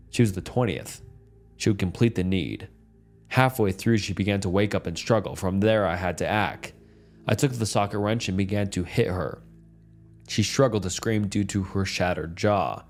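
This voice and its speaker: A man reading a dark first-person horror story as a calm, steady scripted narration. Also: low voice.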